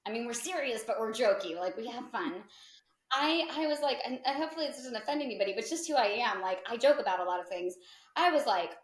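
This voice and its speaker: A woman's voice: fairly high pitch, fast talker. A woman in her thirties, a podcast guest, telling a story in a chatty way, full of "like" and acted-out quotes. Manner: chatty, peppered with "like" and lively quoted asides. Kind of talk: casual storytelling in an interview. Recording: echoey room.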